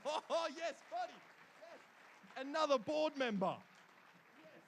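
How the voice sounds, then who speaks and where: Excitable man announcing awards. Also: extremely high pitch, slow, creaky, some chatter behind, slight background noise. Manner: enthusiastic, chatty asides between names. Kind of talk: announcing award winners at a live ceremony.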